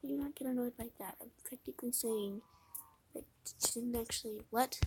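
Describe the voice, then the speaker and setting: A woman giving casual let's-play commentary, mumbling to herself while playing, with sudden loud dramatic outbursts, recorded on a phone microphone. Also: a little high, moderate pace, a little hiss or hum. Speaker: game video creator. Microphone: phone microphone during screen recording.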